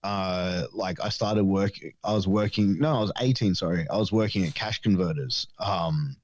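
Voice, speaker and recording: A man's voice: low voice, normal speed, dull audio, a little hiss or hum. A man telling stories in casual chat as a podcast guest, swearing often and filling his talk with likes and you-knows. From Australia. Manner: rambling, profane, many fillers, acts out voices in stories.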